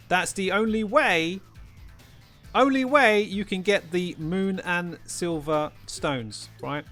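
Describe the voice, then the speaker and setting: A man's voice: sits high, a bit bright. A man hosting a gaming channel, ranting in an exasperated way with frequent swearing and rhetorical questions. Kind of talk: ranting game commentary.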